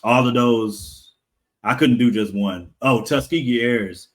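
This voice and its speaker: A man's voice: medium pitch, measured pace. A man, a comic creator guest, talking casually in a podcast interview, rambling with fillers and frequent laughs.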